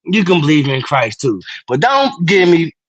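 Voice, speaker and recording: A man's voice: fairly high pitch, sing-song, moderate pace, no room sound, lo-fi sound. A man hosting a livestream, rambling through crude, joking, teasing chat. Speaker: livestream host.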